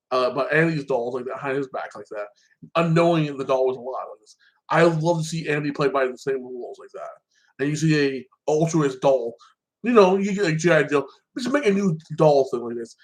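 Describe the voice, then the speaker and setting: Casual man, mid-pitched, rambling TV recap with frequent profanity. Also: low-quality recording. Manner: rambling, repeats "like that", swears freely. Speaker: show reviewer.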